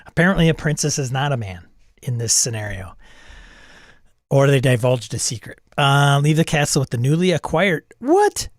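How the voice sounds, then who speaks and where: A man's voice: mid-range voice, lively intonation, moderate pace, dry recording, clean studio sound. A man hosting, reading a text adventure aloud and reacting, wry and self-amused, chuckling at the game. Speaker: host.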